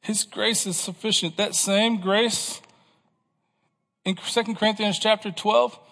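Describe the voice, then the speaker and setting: A man's voice: sits high, steady tone, measured pace, gravelly, fairly bright tone, in a large hall. A man preaching a sermon to his congregation, asking questions and pressing his points with emphasis. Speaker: pastor.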